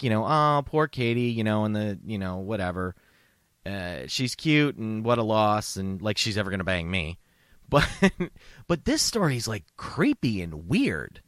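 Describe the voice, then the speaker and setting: A man hosts a comedy podcast, ranting with sarcastic, profane mock outrage. His voice swings widely in pitch and has a bright, forceful edge. The recording is close and dry. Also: sing-song, moderate pace, no room sound. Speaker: podcast host. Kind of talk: comedic rant.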